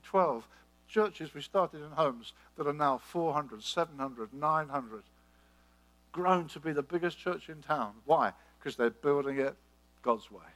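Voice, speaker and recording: Middle-aged man, preacher, forceful sermon, raised pitch; hammers points with rhetorical questions. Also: low-quality recording.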